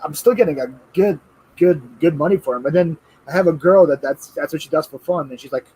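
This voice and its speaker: Excitable man hosting a live stream. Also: on the high side, fast talker, husky, low-quality recording. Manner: chatty, gets loud and excited reading viewer donations. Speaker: livestream host. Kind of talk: casual chat.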